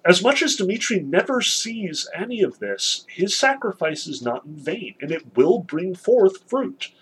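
Husky-voiced man lecturing on literature. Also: high-pitched, sing-song, measured pace, a bit bright, poor audio. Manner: conversational, frequent "um" and "you know".

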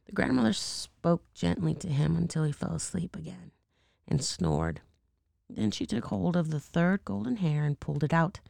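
A hoarse woman reading a bedtime story aloud in a slow, measured way, dropping into hushed asides. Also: sits low, expressive, no echo, studio quality.

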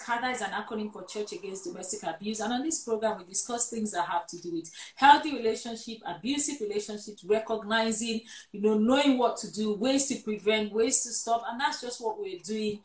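A woman hosts a live-streamed talk show about relationships and sums up the episode. Her voice sits at a middle pitch. It carries the echo of a roomy space. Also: a little fast, hardly any pauses. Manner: affirming, sums up and wraps up the episode. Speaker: host of a church-run show on relationships.

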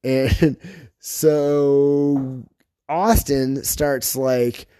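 A man's voice: mid-range voice, little pitch movement, extremely slow, mellow, clear, resonant tone, no room sound, clean studio sound. A man hosting a podcast, chatting casually in a rambling, self-correcting way. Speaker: podcast host. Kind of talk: casual chat about fantasy football.

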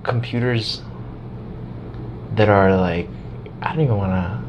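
A man in casual podcast chat, talking in an animated way, swearing and laughing as he tells a story. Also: lowish voice, measured pace, lo-fi sound, a little hiss or hum.

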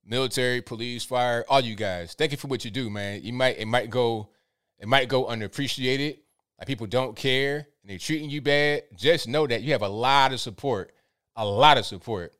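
A man's voice: medium pitch, normal speed. A man hosting a call-in show, chatting casually and supportively with callers. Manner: relaxed, supportive, says man often. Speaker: host.

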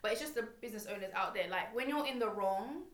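A woman's voice: mid-range voice, animated, fast. A young woman, telling a story in casual chat and animatedly quoting other people. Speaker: podcast co-host. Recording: echoey room.

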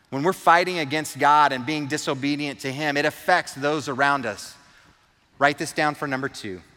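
A man's voice: on the high side, pushed and bright, in a large hall. A man preaching a sermon, retelling a story with earnest, emphatic repetition. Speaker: pastor.

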